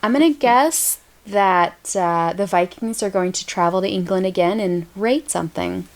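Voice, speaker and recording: An American woman with a medium-pitched voice co-hosts a podcast at a moderate pace. It's a casual chat, and she's giggly and chatty, laughing often.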